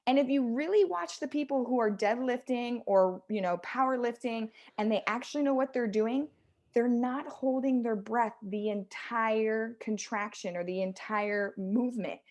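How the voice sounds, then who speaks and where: A woman with a voice on the high side, speaking at normal speed, co-hosts a casual health podcast as a fitness coach, talking emphatically and animatedly acting out what people say. The sound is lo-fi, from a close studio mic with audible breathing.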